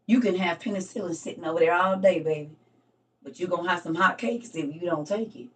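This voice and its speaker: A woman's voice: on the low side, a little fast. A middle-aged woman hosting a casual Bible study livestream, chatty and teasing, laughing often. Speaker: livestream host. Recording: voice from a distance from the mic.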